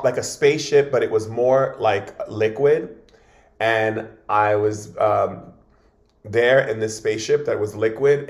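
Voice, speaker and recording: A man's voice: on the low side, creaky. A man, a guest on an interview show, telling a long personal story in an earnest, meandering way with many fillers and restarts. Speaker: guest shaman.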